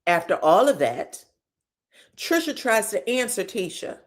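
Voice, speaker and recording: A woman's voice: medium pitch, unhurried. A woman hosting a casual reality TV recap, frank and profane, calling listeners baby and girl. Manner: animated, breaks into stutters and outbursts. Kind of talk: casual gossip commentary.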